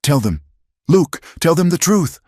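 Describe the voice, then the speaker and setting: A man's voice: sing-song, unhurried, dark tone, dry recording. Male narrator puts on a desperate woman, crying out for the truth, dry booth sound. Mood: pleading. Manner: high-pitched cries. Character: adult woman, desperate and pleading.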